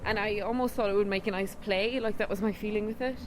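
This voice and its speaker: A pregnant woman co-hosting a casual film review podcast, quick and lively. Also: mid-range voice, background noise. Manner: quick, lively, laughs often. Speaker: podcast co-host.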